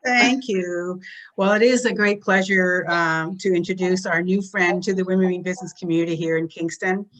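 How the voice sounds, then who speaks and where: A woman co-hosting an online business presentation, introducing a guest warmly and getting emotional, over a video call. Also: on the low side, fairly even intonation, moderate pace, low-quality recording. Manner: warm and emotional, chokes up.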